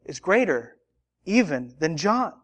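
A man's voice: on the high side, big pitch swings, takes it slowly. A man preaching a sermon as a pastor, earnest and building emphasis through repetition.

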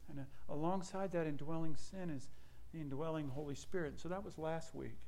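Pastor preaching with dropping emphasis. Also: male voice, a little high, a little fast. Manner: drops his voice at points of emphasis; animated storytelling with self-deprecating asides. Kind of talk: sermon.

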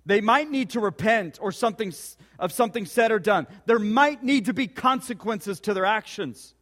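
High-voiced preacher in a reverberant hall. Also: male voice, lively intonation, a little slow, a bit bright. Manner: earnest storytelling with rhetorical questions. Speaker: pastor. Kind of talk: sermon.

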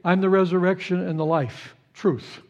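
A male pastor preaching a sermon, earnest, repeating key phrases and swinging from hushed to rising with feeling. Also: high voice, expressive, unhurried, muffled recording.

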